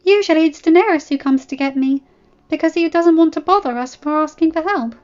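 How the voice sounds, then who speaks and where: A woman voicing a timid, eager young noble girl who speaks in a high, anxious, pleading way. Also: animated, measured pace, highs cut off.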